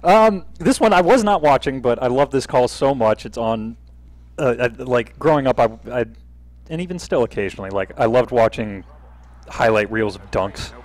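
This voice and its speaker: A man co-hosting a live sports chat show, easygoing and quick to laugh. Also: mid-range voice, poor audio. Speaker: podcast co-host. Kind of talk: casual chat.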